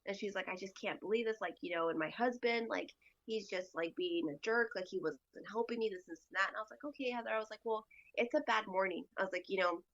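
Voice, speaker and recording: A woman's voice: medium pitch, fast talker, a bit bright, highs cut off. A woman speaking as a podcast guest in casual storytelling, chatty and full of fillers, acting out other people's lines as she goes. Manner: chatty, acts out quoted dialogue with lots of fillers.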